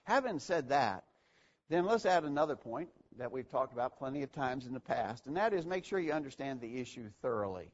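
A man's voice: mid-range voice, animated, fairly quick. A man teaching an evening Bible lesson to a church, earnest and repeating key phrases for emphasis. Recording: dull lo-fi recording.

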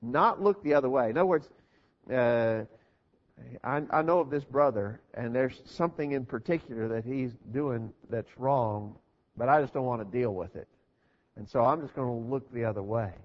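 A man's voice: mid-range voice, moderate pace. Earnest preacher man, lo-fi sound. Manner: earnest, steady teaching with rhetorical questions. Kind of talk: sermon. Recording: dull lo-fi recording.

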